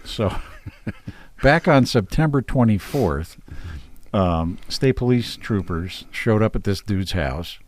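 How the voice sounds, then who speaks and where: Lively low-voiced male podcast co-host. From Pennsylvania, United States. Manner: lively storyteller, laughs often. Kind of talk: casual chat.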